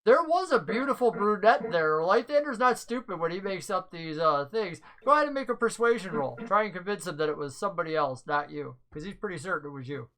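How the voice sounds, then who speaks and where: Woman game master, bright voice, lively, conversational tabletop narration. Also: lowish voice, a little fast, few pauses, rough recording.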